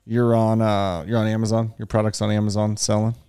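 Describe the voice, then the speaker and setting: A man co-hosts a casual movie podcast in a fairly quick, flat delivery, his voice on the low side, warm and clean. He swears eagerly and enthusiastically tags a rhetorical "right?" onto his points.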